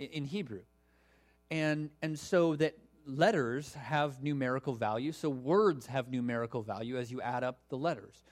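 A man delivering a sermon in a relaxed, conversational teaching style, full of asides and questions to his listeners. His voice sits a little higher than most men's. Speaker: pastor.

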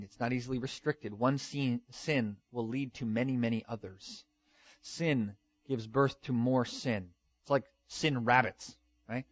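A pastor with a mid-range voice preaches a sermon, recorded dry and sounding dull. His delivery is emphatic and dramatic, and he often acts out the lines he quotes.

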